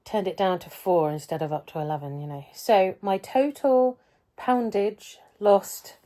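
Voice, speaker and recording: A woman's voice: medium pitch, a little slow, dark tone. Rambling, hesitant woman vlogger. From England. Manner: rambling, hesitant, self-mocking. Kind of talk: casual vlog update.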